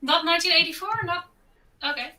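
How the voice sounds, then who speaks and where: A woman's voice: extremely high pitch, steady tone, quick pace, sharp tone, rough recording. A woman playing a quiz, hesitant and thinking aloud. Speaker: quiz contestant. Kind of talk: casual chat.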